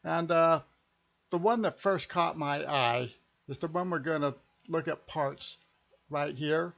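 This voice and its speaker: A man's voice: on the high side, takes it slowly, vocal fry, fairly bright tone, dull audio. A man hosting an unscripted live stream, talking in a casual, chatty way.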